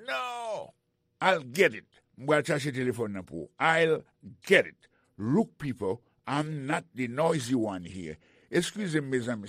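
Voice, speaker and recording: A Haitian-accented man leads a radio language lesson, mid-pitched and deliberate. He spells words out letter by letter. The recording is dry and close. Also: no echo. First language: Haitian Creole. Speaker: language teacher.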